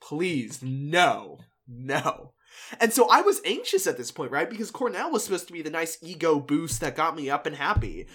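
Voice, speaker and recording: Young man, podcast host, lively swinging pitch, casual chat, quick laughs, animated storytelling. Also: slightly rough. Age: young adult.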